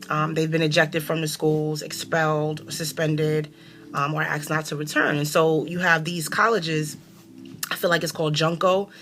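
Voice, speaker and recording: A young adult woman from New York hosting her own casual talk show, animated and sassy, cursing freely and laughing often. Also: deep voice. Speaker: host.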